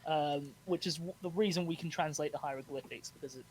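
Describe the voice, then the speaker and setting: A man's voice: on the high side, quick pace, a crowd in the background. A man co-hosting a podcast, telling history in a rambling, casual way with fillers and restarts. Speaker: podcast co-host. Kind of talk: casual chat.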